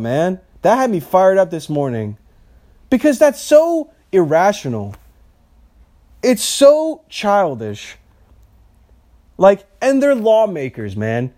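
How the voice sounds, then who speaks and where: A young man talks alone into his podcast mic, rambling from one rant to the next and swearing constantly. His voice sits fairly high for a man. He keeps breaking into laughter at his own jokes. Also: huge pitch swings, takes it slowly, pauses often, darkish tone, dry recording, clean studio sound. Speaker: podcast host. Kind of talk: casual solo podcast rant.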